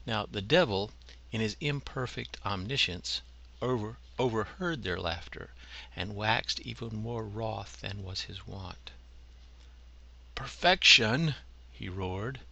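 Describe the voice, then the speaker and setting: Guy reading his little story real slow, gravelly and kinda bright. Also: on the low side. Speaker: story contributor. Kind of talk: reading a short story aloud.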